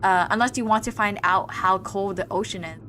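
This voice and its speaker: A woman reading as a gruff, menacing male captor. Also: medium pitch, steady tone, fairly quick, noisy background, lightly acted. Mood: taunting. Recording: streamed voice over loud game music.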